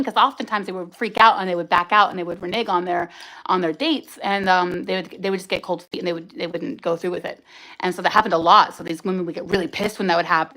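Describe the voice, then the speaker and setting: A woman's voice: mid-range voice, fairly bright tone. A woman hosting a livestream, telling her own story in a candid, rambling and emotional way. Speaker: livestream host.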